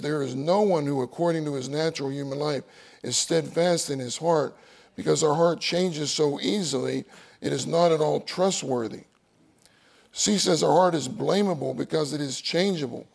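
A man's voice: fairly high pitch, vocal fry. A man preaching a sermon, reading outline points aloud and repeating key phrases for emphasis.

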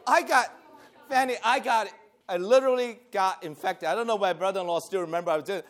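A man from Taiwan, teaching a lively church lesson, talking back and forth with the class and laughing often. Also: high-pitched, quick pace, a faint crowd.

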